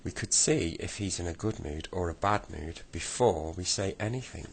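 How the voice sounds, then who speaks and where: A man voicing a vain, friendly male rabbit who runs a garage, flattering and pleased with himself. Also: low-pitched, moderate pace, a little hiss or hum.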